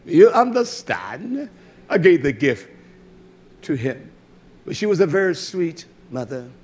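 Impassioned preacher man, high and lively. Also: slightly rough. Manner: impassioned, swinging from low murmurs to shouts. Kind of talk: sermon.

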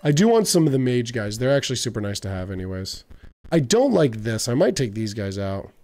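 A man's voice: medium pitch, sing-song, fairly quick, mellow. A young man giving casual let's-play commentary, thinking aloud and stumbling over game words. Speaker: gaming video creator.

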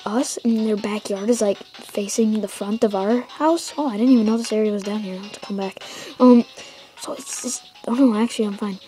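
Teen girl, let's-play host, a bit high-pitched, chatty and excitable, faint game music behind. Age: teenager. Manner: excitable, rambling, trash-talks the game. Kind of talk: gameplay commentary. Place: home.

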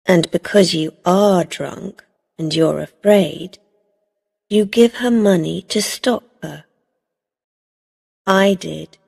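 Dorothy Burns, a calm, knowing woman, voiced by a narrator. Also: on the low side, slow, gravelly, pauses often, slightly rough, heavily acted. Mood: accusing. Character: shrewd older woman, calm and cunning. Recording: long reverb.

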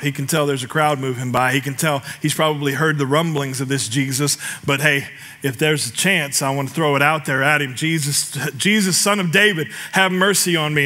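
Preacher, middle-aged man, bright higher voice, jokey, builds to shouting. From United States. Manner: animated, jokey, shouts scripture cries. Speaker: pastor. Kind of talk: sermon.

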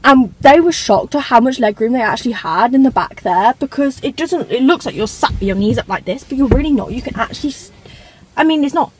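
A teenage woman talks casually from the seat of her parked car. Her voice sits a little high, and she drifts off on tangents, adding self-conscious little asides as she goes. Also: animated, brisk, slight background noise, low-quality recording. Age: teens. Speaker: vlogger. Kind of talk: casual car tour vlog.

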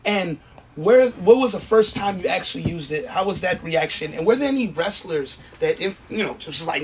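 A man's voice: high-pitched, animated, moderate pace, a crowd in the background. A man hosting a podcast interview, eager and slangy, stumbling into his questions. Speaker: podcast host. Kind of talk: casual interview.

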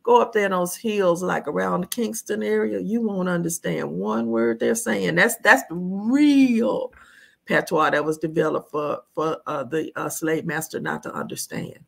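This is a woman from the United States chatting as a guest. Her voice sits low, with a gravelly, husky texture. She tells stories in a lively way and laughs often. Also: normal speed. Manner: animated storyteller, laughs often. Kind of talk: casual conversation, storytelling.

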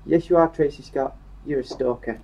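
A man's voice: a little high, normal speed, gravelly, lo-fi sound. A young man with a Yorkshire accent, casually reading live chat comments aloud and joking. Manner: jokey, reads comments aloud in a lively voice.

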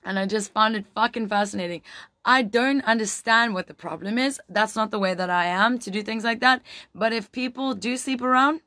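A woman's voice: fairly high pitch, normal speed, sharp tone, no room sound. A young woman from a band chatting casually on a livestream, reading viewer comments, swearing freely and calling everyone "man". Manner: laid-back, swears a lot, says "man" often. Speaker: band member hosting a livestream.

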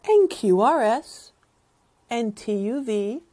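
Lively sing-song woman reading aloud. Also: fairly high pitch, slow. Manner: animated, sing-song, asks the listeners questions. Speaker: teacher. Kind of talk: reading a picture book aloud to children.

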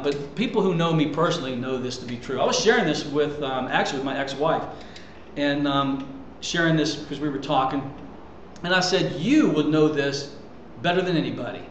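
High-voiced preaching man in an echoey church. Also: fairly bright tone, a little hiss or hum. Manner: emphatic, conversational preaching with rhetorical questions. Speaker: pastor. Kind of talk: sermon. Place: church sanctuary.

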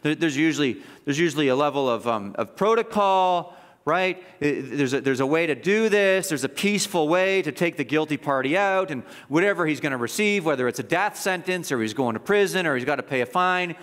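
A man's voice: on the high side, lively intonation, brisk, a bit bright, long reverb tail. A man preaching a sermon as pastor, impassioned, with mocking asides and repeated words. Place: church sanctuary.

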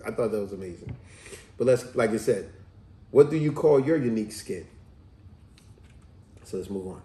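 A man reads a children's book aloud and muses on it in a chatty, easygoing way. His voice is mellow and dark, and his pitch moves a lot. The room around him is echoey. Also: lively intonation, moderate pace, pauses often, distant mic. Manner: chatty, musing asides, rereads lines. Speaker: book reviewer.

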